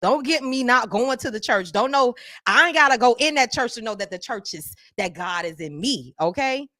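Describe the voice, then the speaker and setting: A woman hosting a live podcast, talking straight to her viewers in a lively, preacher-like call-and-response style. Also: a little high, moderate pace, no room sound, clean studio sound. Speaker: podcast host. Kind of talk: live-stream chat with viewers.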